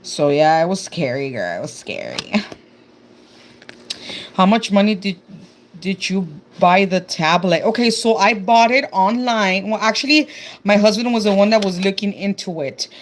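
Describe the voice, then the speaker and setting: A woman's voice: mid-range voice, moderate pace, slight background noise. A young woman with a Texan accent chatting casually on a live stream, reading viewer comments aloud and calling everyone "girl". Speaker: livestreamer.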